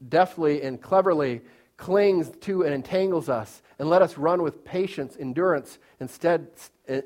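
A man with a fairly high voice preaching in a loose, conversational way. He repeats key phrases, restarts sentences and leans on fillers as he talks the sermon through.

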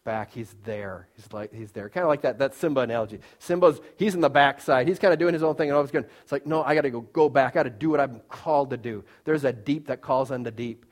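A man's voice: mid-range voice, quick pace, hardly any pauses. A man giving a conversational sermon as a preacher, informal, repeating his phrases and often restarting with fillers.

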